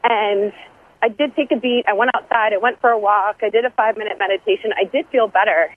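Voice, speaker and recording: A woman's voice: mid-range voice, fairly quick. A woman from Boston leaving an earnest, chatty voicemail for a podcast. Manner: chatty, earnest, uses fillers. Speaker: caller. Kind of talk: voicemail message. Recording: tinny phone line.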